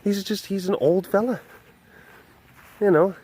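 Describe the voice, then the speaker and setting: A man's voice: sits high, unhurried, dark tone, breathy edge. Rambling man hosting an outdoor webcast. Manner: rambling, filler-heavy, many restarts. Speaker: vlog host. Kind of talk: casual walk-around webcast. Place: outdoor wild animal facility.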